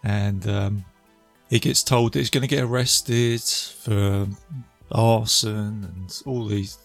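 A man's voice: fairly low pitch, steady tone, takes it slowly, creaky, faint music behind. A man casually retelling a film's scenes, chatty and laughing as he goes. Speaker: film reviewer. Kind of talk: casual film recap.

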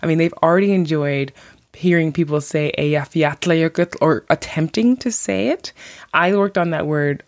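A chatty woman hosts a podcast, rambling easily with "like" and "you know" between thoughts. Her voice sits low for a woman. The recording is close and dry, with no room sound. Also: normal speed, no room sound. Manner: chatty, frequent "like" and "you know", laughs lightly. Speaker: podcast host. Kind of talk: casual podcast monologue. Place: lives in Iceland.

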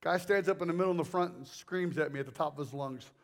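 A male preacher giving a sermon, telling stories in a rambling, animated way full of jokes and asides. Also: fairly high pitch, fast talker.

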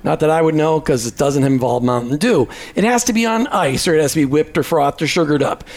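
A man's voice: on the high side, fairly quick, a little mellow. A man co-hosting a faith and work podcast, introducing guests with playful, teasing asides. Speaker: podcast co-host. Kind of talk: casual chat.

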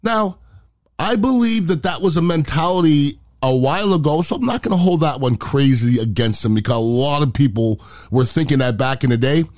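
A man's voice: a little high, expressive, fairly quick, a little mellow, dry recording, studio quality. A middle-aged man hosting a podcast, giving a blunt, impassioned opinion monologue. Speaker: podcast host.

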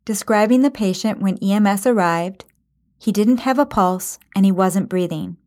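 A woman with a Minnesota accent who teaches language and explains vocabulary in a clear, careful, unhurried way. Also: mid-range voice, a little mellow.

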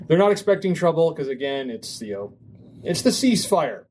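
A man's voice: mid-range voice, lively intonation, normal speed, darkish tone, slight background noise. A man narrating as game master of a tabletop game, talking with many fillers and restarts.

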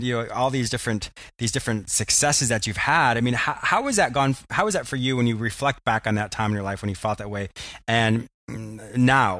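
A man's voice: mid-range voice, a bit bright, no room sound, studio quality. Man hosting a thoughtful chat. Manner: thoughtful, rambling questions, laughs easily. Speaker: podcast host. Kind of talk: casual interview chat.

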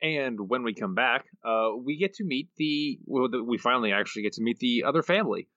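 A man co-hosting a podcast with a wry, deadpan manner. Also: medium pitch, brisk, no echo, highs cut off. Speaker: podcast co-host. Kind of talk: casual chat.

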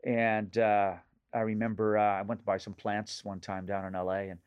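A man's voice: lowish voice, flat delivery, moderate pace, clean tone, lo-fi sound. A man in his fifties from Nova Scotia, a comedian telling rambling, joke-filled stories as a radio guest. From Nova Scotia, Canada. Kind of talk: casual radio interview.

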